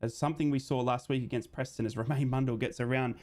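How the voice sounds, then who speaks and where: A man's voice: mid-range voice, fairly even intonation, quick pace, a little mellow. A man hosting a live football watchalong, giving running play-by-play and reading out viewer comments. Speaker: host of a live match watchalong stream.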